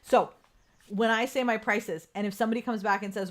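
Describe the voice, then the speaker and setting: Woman host, frank and swearing, live coaching chat, mid-pitched. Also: steady tone, brisk, fairly bright tone. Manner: candid and profane, laughs often, reads out viewer comments. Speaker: podcast host. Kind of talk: casual live-stream coaching talk. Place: home room with ring light.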